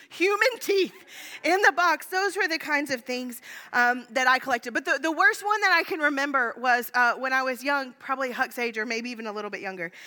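Woman pastor, high voice, bright and sharp, rambling funny stories from the pulpit. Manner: chatty, self-mocking, lots of fillers and acted-out quotes. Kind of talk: sermon with personal stories.

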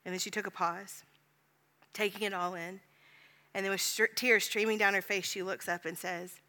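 A woman pastor telling a story in a sermon, earnest, dropping to a hush at tender moments. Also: mid-range voice, steady tone, moderate pace. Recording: long hall reverb.

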